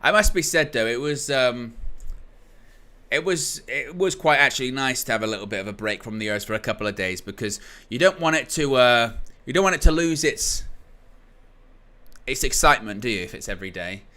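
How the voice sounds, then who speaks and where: A young man hosts a live football watchalong, chatting loosely and reading viewer comments aloud with a light, jokey touch. His voice is bright and forward, with an even middle pitch. He talks in a relaxed, off-the-cuff way, full of little asides. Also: a little fast. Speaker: host of a football watchalong stream. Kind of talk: casual live-stream chat.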